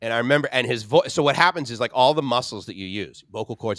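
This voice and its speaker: A man on a live stream, telling a personal story in an emphatic way. He stacks up phrase after phrase and list after list, at a middling pitch. His voice sounds close and dry, with no room around it. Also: expressive, fast talker, fairly bright tone, no echo. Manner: emphatic, piles up repeated phrases and lists. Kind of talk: casual chat, personal storytelling.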